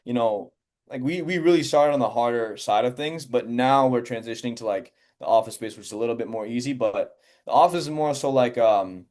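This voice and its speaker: A man's voice: medium pitch, fairly quick, darkish tone. A male host with an everyday mid-range voice who runs the conversation casually. His questions wander through plenty of "like" and "you know," and he tends to close his points with "man.". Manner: casual, filler-heavy, says "man" and "like" a lot. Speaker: podcast host. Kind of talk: interview conversation.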